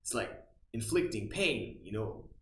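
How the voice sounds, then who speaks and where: A man's voice: lowish voice, a little slow, echoey room, low-quality recording. A man giving a rambling spiritual monologue, provocative and mocking. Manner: animated, provocative, with mocking asides. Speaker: spiritual vlogger.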